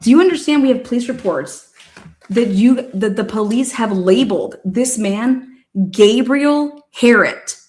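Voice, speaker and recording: A woman's voice: fairly high pitch, expressive, a little slow, a little mellow. A woman hosting a trial commentary, reacting to courtroom video with constant swearing, laughter and outrage.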